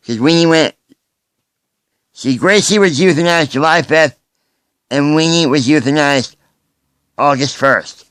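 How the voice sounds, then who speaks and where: A man recording a personal video message, speaking earnestly and haltingly, often restarting his sentences. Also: on the high side, a bit bright, clear, resonant tone, no echo.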